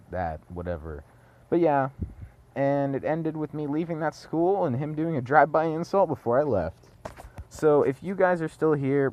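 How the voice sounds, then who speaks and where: A young man recounts an old school story in a casual vlog. He rambles, backtracks to correct details and breaks off for quick jokey asides. His voice sits at an ordinary male pitch. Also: dull audio. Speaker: vlogger.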